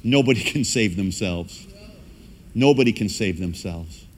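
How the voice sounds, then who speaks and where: A male pastor preaching a lively sermon, acting out quoted voices as he goes. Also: fairly low pitch, measured pace, a little hiss or hum. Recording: long hall reverb.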